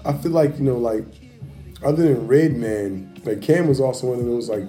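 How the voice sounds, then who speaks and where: A man's voice: medium pitch, normal speed, warm tone, faint music behind, rough recording. A man co-hosting a casual podcast chat, rambling and laughing as he talks. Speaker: podcast co-host.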